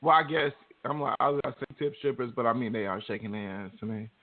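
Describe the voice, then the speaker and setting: A man's voice: medium pitch, fast talker, phone-quality sound. A man co-hosting a casual podcast, rambling candidly with a lot of profanity. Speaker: podcast co-host.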